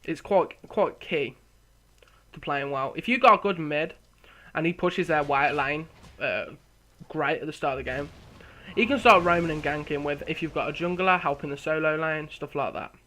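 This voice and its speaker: A young man, casually commentating over his own gameplay, chatty and quick to laugh at himself. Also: fairly high pitch, pushed and bright, slight background noise.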